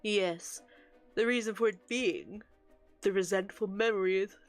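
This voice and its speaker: A woman reading game dialogue aloud for an earnest, scholarly male occult researcher, with a measured, explanatory delivery. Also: mid-range voice, faint music behind, close to an everyday voice.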